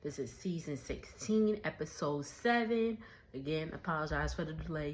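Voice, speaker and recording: A woman's voice: sits low, animated, normal speed, slight background noise. A young woman casually recapping a TV episode from her kitchen, chatty and laughing often, with slangy speech. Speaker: recap vlogger. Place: home kitchen dining area.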